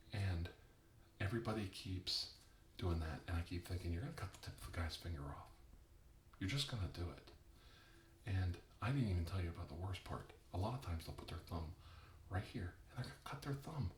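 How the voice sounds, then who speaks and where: A middle-aged man giving a comedic ASMR demonstration, talking softly, then groaning and whispering in mock pain. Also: sits low, distant mic. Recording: roomy echo, a bit off-mic, faint hiss.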